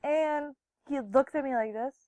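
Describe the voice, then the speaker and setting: A young woman telling a personal story to camera in a notably high voice. She acts out the quoted people with loud, high bursts and drops soft and low when she turns wistful. The sound is dry and close. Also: measured pace, no echo, low-quality recording. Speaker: vlogger.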